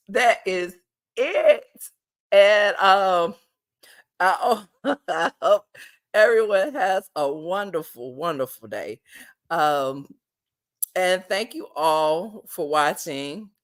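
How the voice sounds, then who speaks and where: Slow-talking low-voiced woman recapping a show. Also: fairly bright tone. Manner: chatty, laughs often, calls viewers "baby". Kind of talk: casual TV episode recap.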